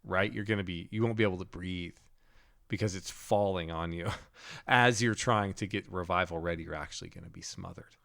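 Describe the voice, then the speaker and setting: A man telling a dream story on a podcast in an animated, casual way, full of "like" fillers. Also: low voice, a little fast, gravelly. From Denver area, USA. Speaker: podcast co-host.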